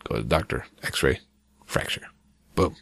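A man's voice: rumbling low, expressive, moderate pace, gravelly, a bit bright, no room sound. A man chatting casually as a podcast co-host, telling a rambling story with frequent laughs. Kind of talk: casual chat.

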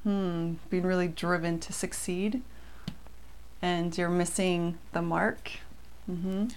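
A woman co-hosting a casual scripture study, speaking in a calm, conversational way. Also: on the low side, slow pace, clear, resonant tone. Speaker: co-host teaching scripture.

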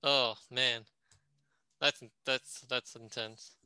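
A man's voice: mid-range voice, fairly even intonation, extremely slow, bright, forceful tone, smooth, no room sound, studio quality. A man in casual chat giving short reactions while listening.

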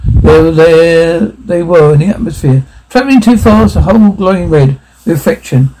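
A man reading a science fiction story aloud, halting, with frequent restarts. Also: a little high, dark tone, low-quality recording. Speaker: narrator.

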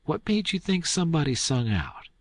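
A man's voice: a little high, big pitch swings, moderate pace, no room sound, voice pushed up. A man voicing a clever, scheming boy who plays innocent with mock-puzzled questions. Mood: severe. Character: Tom Sawyer, clever boy, playing innocent.

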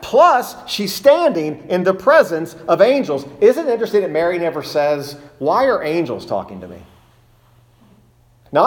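A man preaching a sermon as pastor, emphatic, repeating key phrases and asking rhetorical questions. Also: high voice.

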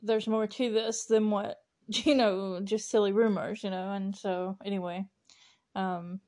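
A woman's voice: medium pitch, little pitch movement, measured pace, a little mellow. A young woman hosting a podcast, recapping an episode in a casual, chatty way with lots of giggles and fillers. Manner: chatty, giggly, full of "like" and "you know". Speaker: podcast host.

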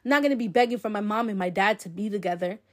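A woman's voice: medium pitch, very fast. A young adult woman hosting a podcast, telling a personal story in a blunt, profane, chatty way full of fillers. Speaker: podcast host.

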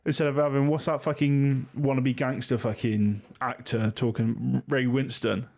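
A man with a middling voice rants about football, sweary and quick with a "mate" thrown in. His voice comes through dull and muffled, like call audio. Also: mid-range voice, little pitch movement, gravelly, darkish tone. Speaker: podcast co-host. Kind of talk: casual banter. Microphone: remote call.

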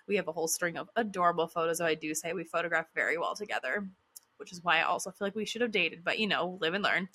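A woman's voice: fairly low pitch, quick pace, bright, forceful tone. A woman in her thirties telling casual stories in a chatty way, with lots of fillers and frequent laughter. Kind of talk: casual storytelling monologue.

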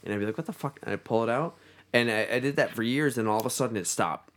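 A man's voice: medium pitch, fast, background noise. A man co-hosting a podcast in casual chat, swearing freely and restarting often. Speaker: podcast co-host.

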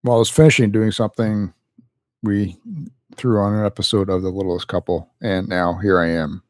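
A man's voice: fairly low pitch, little pitch movement, fairly quick, a little mellow, no echo. A man who is a parent, co-hosting a casual podcast and teasing his partner in playful banter. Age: 30s to 40s, a parent. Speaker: podcast co-host. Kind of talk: casual chat.

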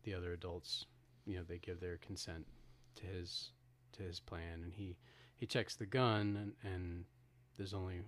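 A man with a very low voice co-hosts a podcast. He retells a film's ending in casual talk, restarting his sentences and acting out the characters' lines. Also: fairly even intonation, a little slow, few pauses. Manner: retells scenes with acted-out quotes, frequent restarts. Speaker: podcast co-host. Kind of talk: casual film discussion.

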